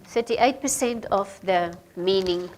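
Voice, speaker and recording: A woman's voice: medium pitch, slow, a little mellow, a little hiss or hum. A woman with a Namibian English accent leading a radio training workshop, asking the group questions, with hesitant fillers.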